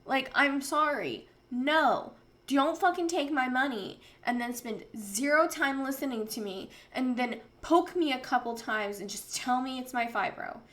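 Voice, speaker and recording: A woman talks straight to camera in a casual vlog rant, her voice sitting fairly high. She is heated and profane, swearing freely as she vents. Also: unhurried, fairly bright tone. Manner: angry, profane, venting. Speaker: vlogger.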